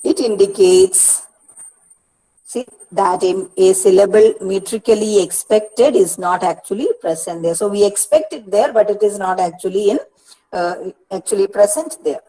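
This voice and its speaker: A woman's voice: mid-range voice, normal speed, warm tone, poor audio. A woman with an Indian English accent, a university counsellor, giving an online lecture and explaining step by step with frequent "see" and "uh".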